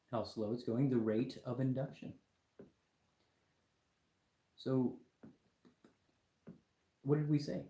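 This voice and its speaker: A young man lectures his live-stream chat in an argumentative, mocking way. His voice is mellow and dark in tone. It sounds like a room with a lot of echo. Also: medium pitch. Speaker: livestream host.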